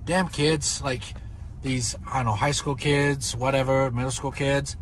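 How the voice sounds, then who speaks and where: A man's voice: medium pitch, level tone, a little slow, poor audio. A middle-aged man, a dad in a family vlog, talking casually to the camera while driving, grumbling and exasperated. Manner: exasperated, muttering complaints. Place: inside a car on the road. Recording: loud car and road noise.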